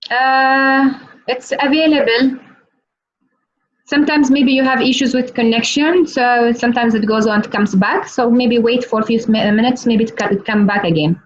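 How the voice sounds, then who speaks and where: A woman teaching a live online lesson over a video call, playful and teasing, repeating words slowly. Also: fairly high pitch. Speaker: Arabic teacher. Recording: muffled video call audio.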